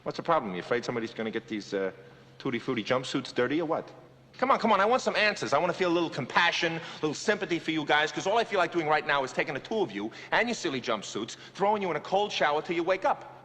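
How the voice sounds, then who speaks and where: A gruff, middle-aged basketball coach who barks and needles his players sarcastically. His voice is high, lively and bright, and it rings out with a long gym-like reverb on an old TV soundtrack. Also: racing. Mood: scolding. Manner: barking, exasperated, sarcastic. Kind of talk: TV drama acting. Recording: old TV audio with hall reverb.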